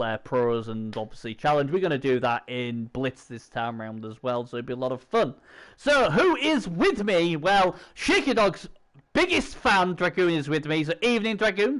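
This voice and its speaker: A man's voice: on the high side, fairly bright tone. A man, hosting a stream in rambling, chatty banter. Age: 40s. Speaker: stream host. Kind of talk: casual chat.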